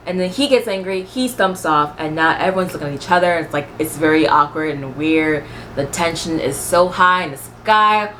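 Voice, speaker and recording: Low-voiced woman ranting through a reality tv recap, cussing and sassy, faint hum behind. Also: normal speed, fairly bright tone. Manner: blunt, profane, sassy commentary. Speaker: vlogger reviewing a reality show. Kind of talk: casual TV recap.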